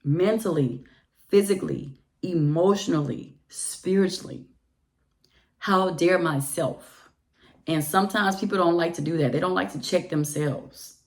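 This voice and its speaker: Brief: gravelly, low-pitched woman in her thirties, candid storytime vlog, emphatic and indignant. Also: unhurried. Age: 30s. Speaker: vlogger.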